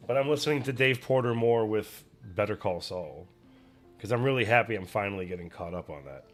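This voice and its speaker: एक युवा आदमी घर से स्ट्रीम करते हुए बेफ़िक्री से बातें करता है; उसकी आवाज़ कुछ गहरी है और पीछे धीमा संगीत चलता है।. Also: male voice, on the low side, expressive, fairly quick. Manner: rambling, chatty, self-deprecating. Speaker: streamer. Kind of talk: casual chat while painting on stream. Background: faint music.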